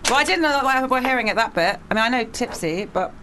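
Bright, lively woman on a podcast. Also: on the high side, a little hiss or hum. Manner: chatty, quick to react and laugh. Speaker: co-host and contestant. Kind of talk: casual podcast chat.

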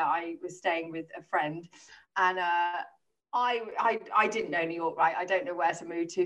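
A woman in her thirties telling a lively, sweary anecdote as a podcast co-host. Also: fairly low pitch, distant mic. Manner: swearing, anecdotal, animated retelling with quoted voices. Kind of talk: casual storytelling chat.

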